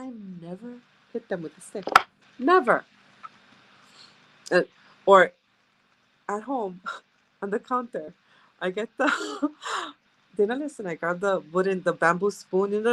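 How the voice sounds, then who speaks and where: A woman's voice: mid-range voice, lively intonation, unhurried, long pauses, noisy background. A woman chatting casually with viewers as a sales rep, telling stories and laughing often. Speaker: direct sales rep hosting a live stream.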